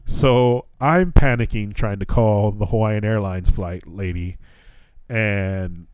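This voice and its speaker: A man's voice: fairly low pitch, slow pace, a little mellow, clean tone, dry recording. A man, a podcast host in his thirties from the United States, telling a long travel story in casual chat, swearing often and acting out both sides of the conversations. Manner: profane storytelling with laughs and quoted dialogue.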